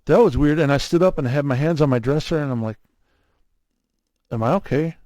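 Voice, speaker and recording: A man telling his own story in a casual interview, animated, acting out what others said to him. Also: on the high side, rapid-fire, no room sound. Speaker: guest, cardiac arrest survivor.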